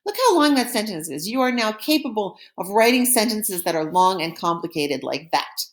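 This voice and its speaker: A woman teaching a recorded French lesson, explaining in a friendly classroom way and saying model phrases slowly and clearly for repetition. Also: on the low side, big pitch swings. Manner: slow, carefully pronounced model phrases for repetition; friendly classroom explaining with small slips and laughs.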